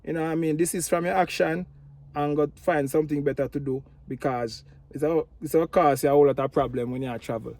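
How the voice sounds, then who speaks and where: Animated Jamaican man, fairly high voice. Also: brisk. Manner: animated, opinionated, repeats "you know what I mean". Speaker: tour operator vlogger. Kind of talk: casual vlog commentary.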